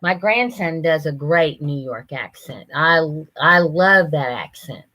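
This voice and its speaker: A woman's voice: low voice, animated, measured pace, sharp tone. An older woman hosting a casual live stream, chatting with viewers and greeting them by name, often laughing.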